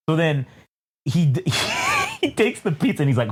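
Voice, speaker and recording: Lively, rambling man telling a comic story. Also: mid-range voice, fast. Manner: rambling storyteller acting out characters, profane, laughing. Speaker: podcast co-host. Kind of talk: casual comedic chat.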